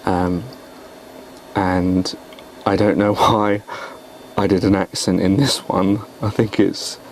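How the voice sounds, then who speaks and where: A man's voice: low-pitched, little pitch movement, slow, slight background noise, rough recording. A man talking casually on his video blog about his poems, in a rambling, hesitant, self-deprecating way. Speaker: poet and vlogger.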